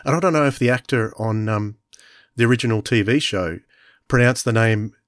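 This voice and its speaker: A man's voice: fairly low pitch, brisk, no echo, studio quality. A man, co-hosting an interview, enthusiastic and reassuring, stumbling a little over his words. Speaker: podcast co-host. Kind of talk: conversational interview.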